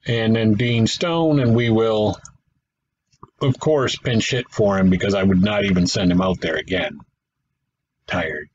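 A man's voice: fairly low pitch, a little slow, long pauses, lo-fi sound, a little hiss or hum. A man giving casual play-by-play commentary on a simulated baseball game, thinking aloud, correcting himself and adding wry asides. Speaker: gaming channel host.

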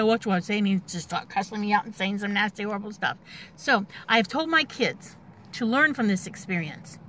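A woman's voice: fairly high pitch, a bit bright, a little hiss or hum. A woman in her forties telling a personal family story in a candid, rambling way, with many fillers and restarts. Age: 40s. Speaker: vlogger.

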